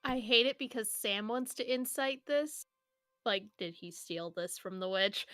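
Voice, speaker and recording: Bright, high-voiced woman player. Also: expressive, measured pace, dry recording, soft background music. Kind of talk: casual in-character play.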